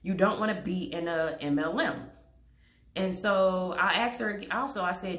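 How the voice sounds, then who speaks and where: A woman's voice: on the low side, measured pace, fairly bright tone, echoey room. Blunt, exasperated young woman. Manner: blunt, exasperated, swears freely. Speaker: vlogger. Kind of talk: casual storytelling to camera.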